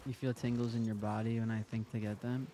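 A man's voice: on the low side, level tone, quick pace, mellow, a little hiss or hum. A young man streaming a game who chats casually with viewers, teasing and joking between plays. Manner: joking, teasing, chatty asides to chat while playing.

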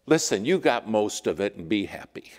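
Male preacher, lowish voice, storytelling sermon, long church reverb. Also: normal speed. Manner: storytelling with lively acted-out quotes. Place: church sanctuary.

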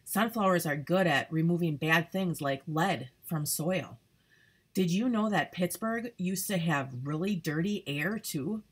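A woman voicing a helpful female lupine flower in a storybook read-aloud, explaining things gently. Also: fairly low pitch, measured pace, slightly rough.

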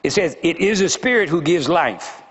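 A man's voice: on the high side, animated, moderate pace, fairly bright tone, breathy edge. An older man preaching as a pastor, talking conversationally and throwing rhetorical questions at the congregation. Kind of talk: sermon. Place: large church hall. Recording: dull lo-fi sermon recording with long hall reverb.

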